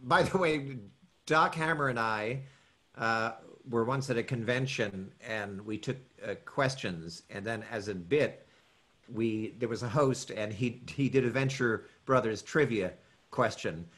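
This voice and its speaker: A man's voice: mid-range voice, a little slow, a bit bright. Man, voice actor guest, casual rambling chat, laughs a lot.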